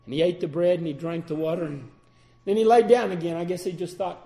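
Man, preacher, sermon, high pitched, warm dark tone, dramatic loud-and-soft delivery. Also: steady tone, quick pace, gravelly. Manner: dramatic, swings between loud and hushed.

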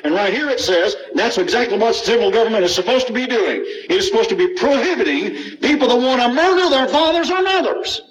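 Animated, high-pitched preacher. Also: male voice, fairly quick, few pauses, rough recording. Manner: rhetorical questions to the congregation, emphatic scripture reading. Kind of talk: sermon.

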